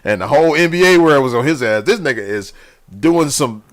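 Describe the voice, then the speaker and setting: A man's voice: mid-range voice, fairly quick. A man talking in loose podcast banter, his voice swinging widely up and down as he gets worked up. He curses freely and laughs often at his own lines. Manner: animated, profane, laughs often. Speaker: podcast co-host.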